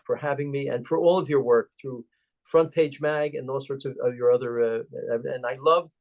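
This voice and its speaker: Older male guest, middle pitch, rambling anecdotal storyteller, lots of fillers. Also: fairly even intonation, a little mellow. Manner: anecdotal, chuckling, halting with fillers. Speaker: guest, organization president. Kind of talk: storytelling interview.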